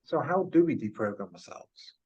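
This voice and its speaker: A man's voice: mid-range voice, sing-song, moderate pace, darkish tone, slightly rough, highs cut off. A man hosting an interview, asking long searching questions in a rambling, self-deprecating way. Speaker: interviewer, podcast host. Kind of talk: casual interview conversation.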